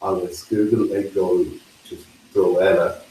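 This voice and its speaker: Young Irish man, very deep voice, halting casual chat, far mic in a roomy space. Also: little pitch movement, mellow. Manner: halting, many fillers and restarts. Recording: echoey room, mic far off, faint hiss.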